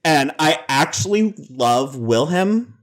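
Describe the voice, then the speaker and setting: A man co-hosting a podcast in casual chat, animated, laughing often and trailing off mid-sentence. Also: fairly high pitch, slow.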